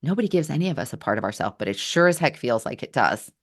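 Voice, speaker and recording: Very low-voiced earnest woman storyteller. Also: very animated. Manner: earnest, halting, with restarts. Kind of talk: reflective personal storytelling. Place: Portland area, Oregon.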